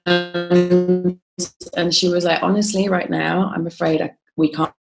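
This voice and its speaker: Woman guest, low pitch, gravelly fry, hesitant storytelling with ums. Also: flat delivery, unhurried, faint music behind. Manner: frequent ums and restarts, quoting others as she tells it. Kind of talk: conversational interview storytelling.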